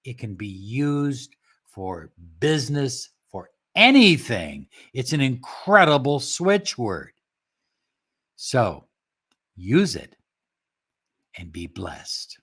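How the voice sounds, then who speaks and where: A man teaching a self-help practice, speaking slowly and emphatically and dropping some words to a soft whisper. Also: medium pitch, wildly swooping pitch, slightly rough. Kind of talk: motivational talk to camera.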